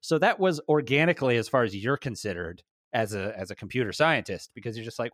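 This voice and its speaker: A man co-hosting a casual podcast chat, talking in an animated way and acting out little quoted voices. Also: mid-range voice, fast talker, hardly any pauses, dry recording, clean studio sound. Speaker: podcast co-host.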